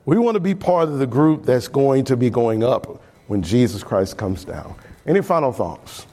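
A man's voice: animated, normal speed, mellow. A man preaching a sermon, earnest and exhorting, pleading with his listeners. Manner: earnest, exhorting, swings between emphatic and low.

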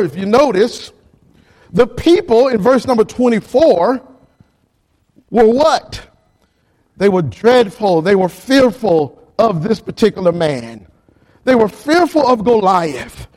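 Animated preacher man, lively pitch. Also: poor audio. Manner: animated preaching, talks straight to the congregation. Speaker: pastor. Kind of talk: sermon.

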